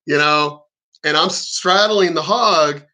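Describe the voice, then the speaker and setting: A man's voice: a little high, slow, sharp tone. A man telling stories and ranting in a blunt, profane, combative monologue. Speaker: vlogger.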